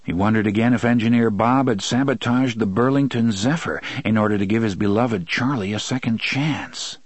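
A man reading a novel aloud in steady, measured storytelling narration. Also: lowish voice, slightly rough, no echo. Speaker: audiobook narrator. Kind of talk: scripted narration.

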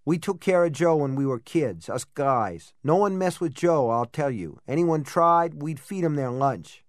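A man's voice: fairly high pitch, lively intonation, unhurried, no room sound, studio quality, pitched above the performer's own voice. A man voicing a grieving, protective older brother who speaks in a muffled, tearful voice, in an audiobook. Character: grieving big sunburned brother, earnest, protective.

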